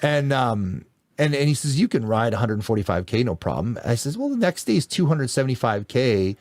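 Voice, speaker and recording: A man's voice: medium pitch, a little fast, dry recording, studio quality. A man in his forties from Canada, an endurance coach telling his story as a guest in a casual, enthusiastic way. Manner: lively, enthusiastic, laughs through stories.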